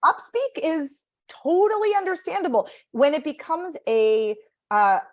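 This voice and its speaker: A woman's voice: high voice, a little slow. Woman coach demonstrating speech habits. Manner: animated, demonstrates vocal patterns by acting them out. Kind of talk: podcast guest interview.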